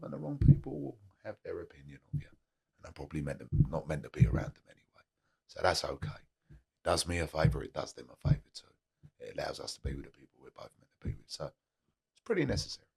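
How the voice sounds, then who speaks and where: Guy, super deep gravelly voice, earnest podcast guest talk, repeats his points. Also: animated, fast talker, darkish tone. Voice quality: gravelly husky low voice. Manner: earnest and motivational, plain-spoken, uses repetition. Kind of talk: candid conversational storytelling.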